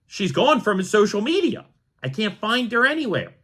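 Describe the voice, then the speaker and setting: A man's voice: high-pitched, moderate pace, husky. A young man from the Philadelphia area hosting a casual solo sports podcast, telling stories in a chatty way. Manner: chatty storyteller, animated re-enactments. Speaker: podcast host.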